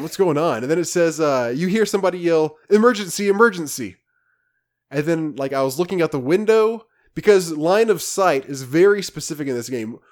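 A man with a slightly higher voice chats casually as a podcast co-host. He tells his game story in a rambling, animated way, restarting his sentences often. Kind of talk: casual chat about video games.

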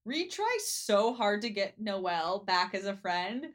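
A woman's voice: mid-range voice, sing-song, a little slow. A young woman co-hosting a podcast, recapping a book in a sarcastic, playful chat. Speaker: podcast co-host. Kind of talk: casual book-discussion chat.

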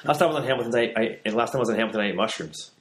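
A man in casual chat, quick and loose, swearing and laughing often. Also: lowish voice, lively intonation, a bit bright. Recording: echoey room, faint noise.

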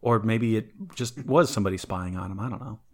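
A man with a lowish, brisk voice co-hosts a podcast, presenting folklore in casual chat. His talk rambles, full of fillers and restarts.

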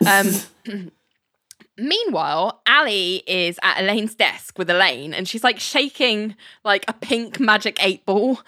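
A woman's voice: mid-range voice, expressive, slow, pushed and bright, no echo, clean studio sound. A woman casually recapping a show, chatty, acting out quoted lines and laughing often.

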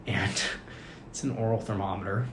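A young man in a casual chat, telling a story in an animated way, with lots of fillers and swearing, and acting out the people he quotes. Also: on the low side, moderate pace. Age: young adult. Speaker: podcast co-host. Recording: echoey room with faint noise.

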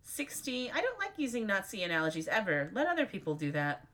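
A woman's voice: mid-range voice, wildly swooping pitch, a little fast, a bit bright. A woman reading out a list of numbered editor's notes, breaking in with dry, sarcastic asides. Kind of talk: reading aloud with wry asides.

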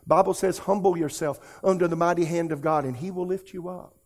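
A man's voice: fairly high pitch, steady tone, a little fast, a little mellow. A man, preaching a sermon as a pastor and pleading earnestly with his listeners in an emotional altar call.

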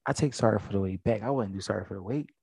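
Laid-back young man, low and mellow. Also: rapid-fire, vocal fry, husky, no room sound, studio quality. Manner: laid-back, slangy, drops to mumbles. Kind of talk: casual chat.

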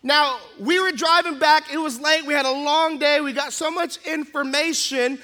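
High, bright-voiced man preaching. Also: normal speed. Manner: animated storytelling, acting out the scenes. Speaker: pastor. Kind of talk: sermon.

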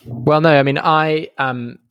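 A young man co-hosting a podcast from home, talking in a halting way with many restarts and easy laughter. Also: a little high, steady tone, smooth, no echo, dull audio. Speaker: podcast co-host. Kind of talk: casual chat. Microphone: home microphone.

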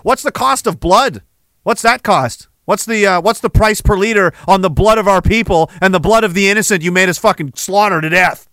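A man's voice: high-pitched, a little fast, no room sound. Profane, heated man ranting on a podcast. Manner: profane, heated, jumps between anecdotes and shouted quotes. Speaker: podcast host. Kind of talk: ranting monologue.

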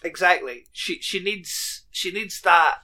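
A man's voice: high voice, slow pace, pushed and bright. A man co-hosting a podcast, recapping a TV episode in casual chat with dry joking asides. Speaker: podcast co-host.

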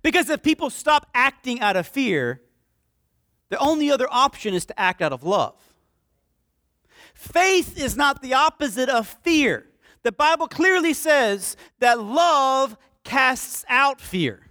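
A man preaching a sermon with passion, swinging from loud declarations to hushed, pleading prayer. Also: very high-pitched, sing-song, measured pace, no echo, studio quality. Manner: impassioned preaching, swinging from shouts to hushed pleas. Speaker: pastor.

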